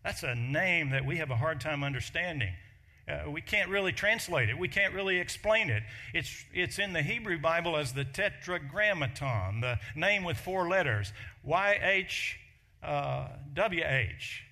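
A man preaching a sermon, with emphatic delivery that slows and lifts on key phrases. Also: fairly high pitch, expressive, sharp tone. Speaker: pastor.

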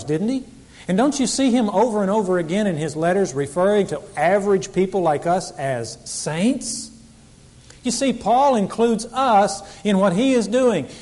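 Man, pastor, church sermon, fairly high voice, emphatic preaching, swells and quiets. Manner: emphatic preaching with rising and falling intensity. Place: church service.

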